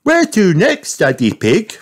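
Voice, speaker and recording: Miss Rabbit, as a man puts on a high voice. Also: huge pitch swings, slow, slightly rough, exaggerated voice. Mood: perky. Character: busy friendly rabbit lady. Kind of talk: storybook read-aloud.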